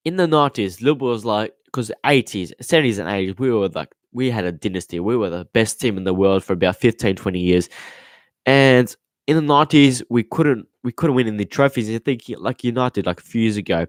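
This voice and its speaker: A young man hosting a casual football live stream, excitable and rambling, swearing often and restarting his sentences. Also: on the low side, fairly quick, no room sound, clean studio sound. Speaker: football podcast host.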